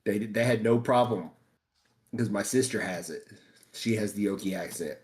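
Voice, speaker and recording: A man's voice: on the low side, moderate pace, a loud crowd. Rambling podcast co-host man. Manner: rambling, repeats himself. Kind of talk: casual chat.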